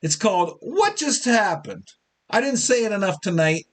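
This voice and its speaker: A lively man rants through his sports talk show with a high, bouncing voice. He jokes his way along, a little tipsy and loose, and his pitch leaps all over when he gets going. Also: normal speed. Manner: animated, joking, mimics fans in quotes. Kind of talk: casual sports talk monologue.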